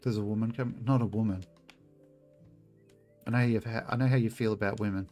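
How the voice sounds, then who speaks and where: A man with a fairly low, warm voice and fairly even intonation streams a game at a brisk clip, with faint music behind. He chats casually with his viewers, swearing a lot and wandering into asides.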